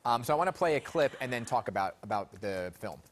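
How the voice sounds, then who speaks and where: A male morning show host who talks in an animated way and drifts off topic as he chats. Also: mid-range voice, a little hiss or hum. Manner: animated, fast, digressive. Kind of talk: morning TV chat.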